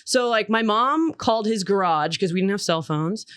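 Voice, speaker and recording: A woman who is a podcast guest, telling stories in a fast, animated, profane way in casual chat. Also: medium pitch, smooth, no echo.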